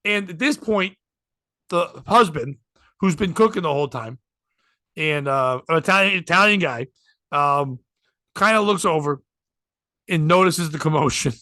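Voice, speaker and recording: A comedian hosting a podcast tells a story in a fairly high voice, unhurried and with frequent pauses, recorded without echo. He swears a lot and acts out quotes, shouting and laughing as he does.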